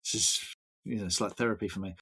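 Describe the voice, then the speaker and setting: A man's voice: on the low side, fairly even intonation, fast, pushed and bright, slightly rough. A man with a Thames Estuary English accent, chatting casually and self-deprecatingly as a podcast guest. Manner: chatty, self-deprecating, drifts between topics. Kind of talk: casual chat.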